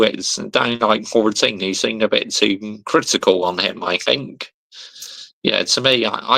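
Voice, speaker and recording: Young male streamer, slang-heavy, laughing, gravelly, unhurried delivery. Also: on the low side, bright, forceful tone. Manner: laughs often, reads viewer comments aloud and replies with slang. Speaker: football livestream host reading chat. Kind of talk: casual livestream chat.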